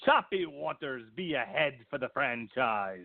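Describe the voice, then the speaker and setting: A man putting on a deliberately bad, hammy pirate voice to read out review puns. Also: medium pitch, big pitch swings, gravelly, no echo. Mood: growly. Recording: tinny phone-like line, dry.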